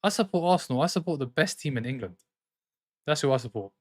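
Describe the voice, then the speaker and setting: A man hosting a live football watchalong, reacting to the match and arguing with his chat in an excitable way. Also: medium pitch, quick pace. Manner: excitable, jumps between commentary and arguing with chat.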